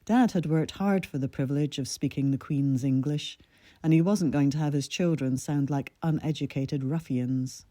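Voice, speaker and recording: A woman from Scotland reading her own personal essay aloud in a measured, reflective way. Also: low voice, mellow, no echo, clean studio sound.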